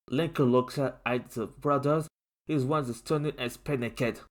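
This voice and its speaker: A narrator reading a homemade fan story aloud in a halting, stumbling way. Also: mid-range voice, steady tone.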